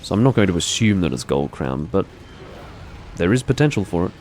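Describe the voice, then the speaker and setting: A man giving relaxed, rambling commentary while playing a game live, with dry, self-deprecating asides. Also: low voice, a little fast, a little hiss or hum. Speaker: gaming streamer.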